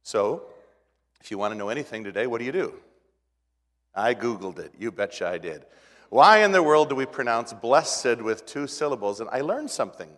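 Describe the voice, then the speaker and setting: A middle-aged pastor preaching a sermon in a folksy, conversational way, with restarts and rising emphasis. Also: male voice, mid-range voice, animated, normal speed, fairly bright tone, long reverb tail.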